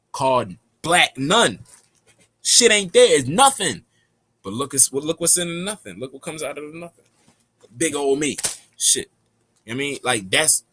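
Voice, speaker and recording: A young man telling a rambling, profane story in a casual, animated way. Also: mid-range voice, husky, dry recording.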